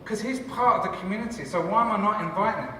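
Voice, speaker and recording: A man's voice: high-pitched, expressive, fast, pushed and bright, recorded from a distance, a little hiss or hum. Man, church leader, enthusiastic conference talk, joking, echoey hall, long reverb. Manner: enthusiastic, joking, chatty with the audience. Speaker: church leader and cafe founder. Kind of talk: conference talk to a live audience.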